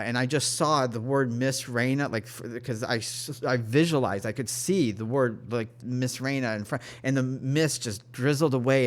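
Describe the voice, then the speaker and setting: A man speaks straight to his viewers about a spiritual experience, at an ordinary middle pitch. His delivery is earnest and emotional, and he keeps breaking off and restarting his sentences. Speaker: spirit guide. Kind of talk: personal spiritual storytelling to camera.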